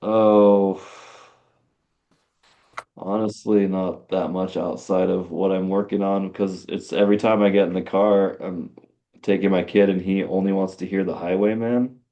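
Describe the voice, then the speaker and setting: A man with a very low, mellow voice, a musician guest in a casual interview. He speaks in a relaxed and hesitant way, trailing off into fillers. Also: unhurried, highs cut off. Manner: laid-back, hesitant, many fillers.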